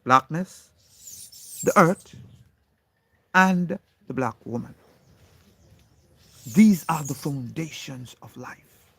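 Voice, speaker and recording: Speaking directly to an unseen critic, a man delivers a preachy, impassioned monologue, insistently stressing single words. His voice is slightly high, expressive, creaky, and a bit bright, slow with long pauses and no room sound.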